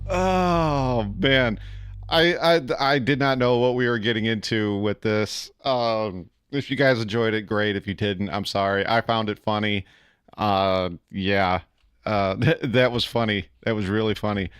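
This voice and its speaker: Easygoing man with a smooth, dry voice. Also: lowish voice, steady tone, a little slow, fairly bright tone, no echo. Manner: rambling and easygoing, laughs often, many fillers. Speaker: streamer hosting a reaction stream. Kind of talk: casual live-stream commentary.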